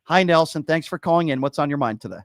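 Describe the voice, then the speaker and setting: A man's voice: on the high side, fast talker, dry recording. Combative, insulting call-in show host man. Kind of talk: call-in political talk show.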